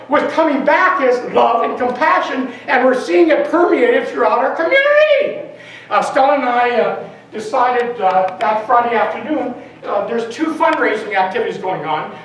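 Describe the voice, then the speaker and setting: A woman's voice: fairly high pitch, a little hiss or hum. A woman giving an informal sermon to a congregation, talking conversationally and putting questions to the audience. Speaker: lay minister giving a talk. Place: church meeting room. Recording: very echoey hall, distant mic.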